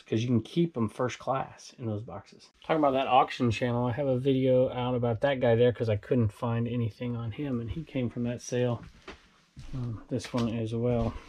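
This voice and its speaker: A man from Southern California, chatting casually to viewers as he shows items he resells. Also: medium pitch. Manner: rambling, chatty, talks to viewers. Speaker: reseller vlogger. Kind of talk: casual chat.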